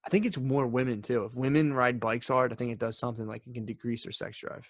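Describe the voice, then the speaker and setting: Young man, mid-pitch voice, rambling upbeat podcast chat, dry close mic. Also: steady tone, quick pace, no echo. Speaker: podcast co-host. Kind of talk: casual podcast banter.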